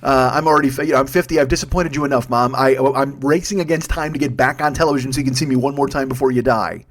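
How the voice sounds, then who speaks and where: A man's voice: medium pitch, fast talker. A man in his fifties hosting a solo comedy podcast, rambling and self-mocking with heavy swearing. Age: 50s.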